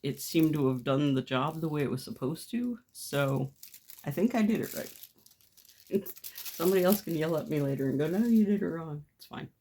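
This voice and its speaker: Working on gel plate printing at home, a mixed media artist keeps up a chatty, self-deprecating running commentary and laughs at herself often. Her low, mellow voice has lively intonation and moves at normal speed.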